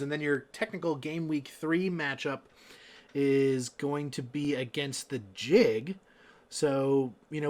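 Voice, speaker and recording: A man hosting an online darts league broadcast, interviewing players after their matches in a loose, casual way. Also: on the high side. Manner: casual, rambling questions with fillers. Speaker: host and commentator.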